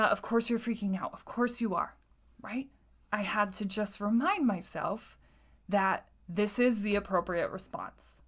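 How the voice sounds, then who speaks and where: Chatty woman podcast host, soft asides. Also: mid-range voice. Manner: chatty, tags lines with "right?" and "like"; often drops to a soft, near-whispered voice. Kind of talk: casual solo podcast talk.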